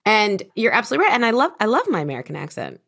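A woman with a British accent hosting a casual chat, talking in a lively, expressive way. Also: medium pitch, rapid-fire, creaky. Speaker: podcast host.

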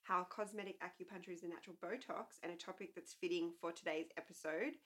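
A woman co-hosting a podcast in casual chat, her voice hoarse and nasal from a cold, chatty and quick to laugh. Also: fairly low pitch, steady tone, a bit bright. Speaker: podcast co-host.

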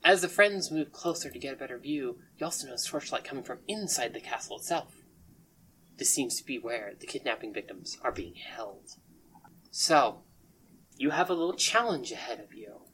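A woman narrating as game master of a tabletop game, relaxed and descriptive. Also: a bass voice, normal speed, slight background noise, rough recording. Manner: relaxed, descriptive, with casual fillers.

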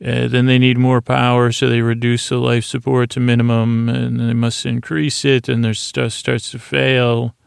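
A man's voice: mid-range voice, monotone, normal speed, gravelly, few pauses, clear, resonant tone, no room sound, clean studio sound. A man hosting a podcast, giving a sleepy recap of a TV episode in a rambling, meandering way with many fillers. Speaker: podcast host.

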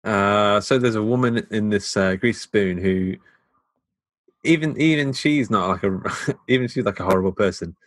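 A young man with an English Midlands accent talks easily about a film in a lowish voice. The sound is close and dry, and his delivery stays relaxed and good-humoured. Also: moderate pace, dry recording. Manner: laid-back, chuckles often. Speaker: podcast co-host. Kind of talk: casual film review chat.

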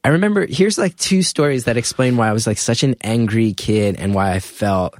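Comedian guest, casual storyteller, rambling and animated, mid-pitched, dry close mic. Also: male voice, fairly quick, no room sound. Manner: animated, filler-heavy storytelling with acted quotes.

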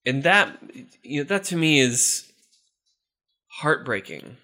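A man talking casually as the host of a chat, a little higher than average and with a bright, forward tone. He rambles, chuckles, and restarts sentences as his thoughts come together. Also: very animated, slow. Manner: rambling, chuckling, self-interrupting.

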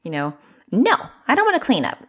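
A woman puts on a whiny, stubborn young child. The voice climbs higher than her own and swings freely in pitch, and it sounds like a kid being played in a parenting podcast. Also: wildly swooping pitch, fairly quick, fairly bright tone, full character voice.

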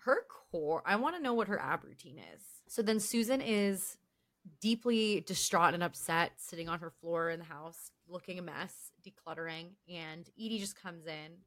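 A woman co-hosting a podcast, retelling TV scenes casually with animated asides. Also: lowish voice, moderate pace. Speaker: podcast co-host. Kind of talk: casual recap chat.

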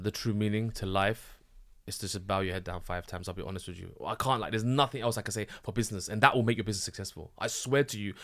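A man who is a business founder and guest on a podcast, talking in a fervent, animated way and restarting his sentences often. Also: medium pitch. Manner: animated and fervent, many restarts, rising sharply when excited. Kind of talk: casual podcast conversation.

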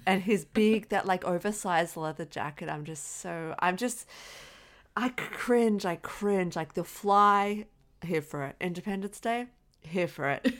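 Deep-voiced woman gushing about a movie on a podcast, giggly and excitable. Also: a little slow. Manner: enthusiastic, giggly. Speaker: podcast co-host. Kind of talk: casual film discussion.

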